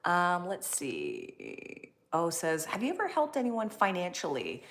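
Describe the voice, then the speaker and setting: A woman's voice: fairly low pitch, huge pitch swings, unhurried. A woman hosting a live stream, reading viewer comments and chatting in an upbeat, encouraging way. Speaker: livestream host.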